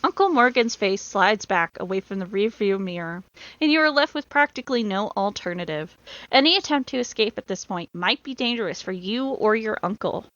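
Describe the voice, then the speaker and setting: A woman's voice: mid-range voice, expressive, fairly quick, a bit bright, no room sound. A woman co-hosting a podcast, reading an adventure book aloud and often bursting into laughter. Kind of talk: casual read-aloud of an adventure story. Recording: dull lo-fi sound.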